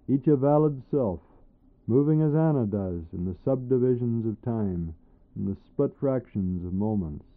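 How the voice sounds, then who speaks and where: A man reading his own poems aloud, dramatic, leaping between loud high bursts and low murmured phrases. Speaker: poet. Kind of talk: poetry reading. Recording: tinny narrow-band recording.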